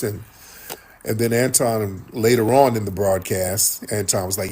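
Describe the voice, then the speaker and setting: A man's voice: lowish voice, steady tone, measured pace, darkish tone, a little hiss or hum. A man hosting a show, telling a story in casual commentary and acting out what others said. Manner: storytelling, acts out others' quotes. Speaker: show host reading viewer comments.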